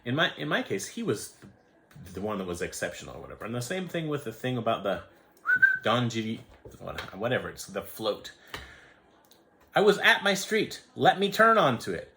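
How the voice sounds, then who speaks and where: A man's voice: mid-range voice, huge pitch swings, normal speed, pushed and bright, slight background noise. Rambling American man in his forties. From United States. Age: 40s. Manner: rambling, self-interrupting, acts out quoted voices. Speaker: vlogger. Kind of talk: casual storytelling monologue.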